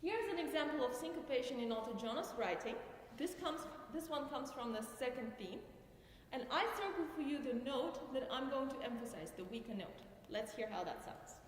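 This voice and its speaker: A woman's voice: sits high, lively intonation, normal speed, slight background noise. A young woman from Uzbekistan, giving a music lecture recital and explaining patiently with short demonstrations. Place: concert hall. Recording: echoey hall sound.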